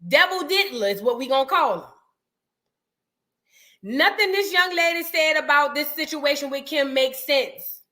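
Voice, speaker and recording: High, bright-voiced woman host. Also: expressive, moderate pace, long pauses. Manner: blunt, emphatic, repeats herself. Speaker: reaction show host. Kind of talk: casual commentary to a live chat.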